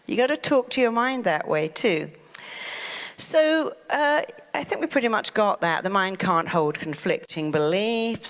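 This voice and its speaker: A woman therapist giving a lively motivational talk who often acts out anxious inner voices. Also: mid-range voice, long reverb tail.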